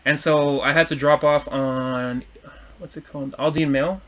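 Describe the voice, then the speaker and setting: A man co-hosting a podcast, telling a story in casual, profane chat and acting out the insults he shouted. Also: on the high side, steady tone, a little slow. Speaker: podcast co-host.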